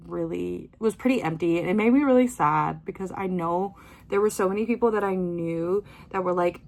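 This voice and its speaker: A young adult woman vlogging in a casual, rambling way with many fillers. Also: lowish voice. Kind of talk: casual chat.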